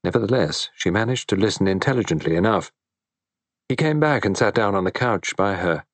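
Brief: male audiobook narrator, low voice, measured storytelling, dry close mic. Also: lively intonation, dry recording.

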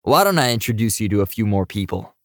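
A big young quarterback, low-voiced and easygoing, modest and gently teasing, as a man voices him. He speaks calmly and never pushes. The sound is dry and close. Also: fast, no echo.

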